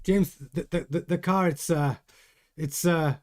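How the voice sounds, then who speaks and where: A man voicing a flustered male racing driver in a deliberately bad mock Spanish accent, halting and stammering as he repeats himself. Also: on the high side, steady tone, a little mellow, natural voice. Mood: awkward, hesitant. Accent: mock Spanish, put on badly.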